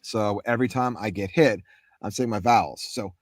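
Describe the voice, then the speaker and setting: A man, a voice actor, chatting casually and animatedly about his craft and demonstrating warm-ups, his voice a little sore. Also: on the low side, normal speed, no echo, clean studio sound. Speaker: voice actor guest. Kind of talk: casual chat explaining voice acting.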